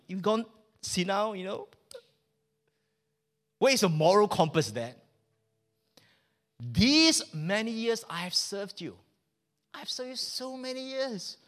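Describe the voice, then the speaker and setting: Guy doing a bitter older son, pitched up, sharp and accusing at his dad. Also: long reverb tail. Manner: exasperated, accusing complaints. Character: indignant, resentful hard-working older son, young man.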